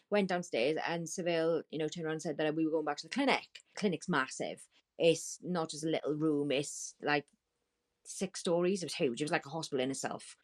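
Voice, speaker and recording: A woman guest on a talk show, telling a painful story in a halting, distressed way with many restarts. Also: low-pitched. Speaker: podcast guest. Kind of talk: emotional storytelling.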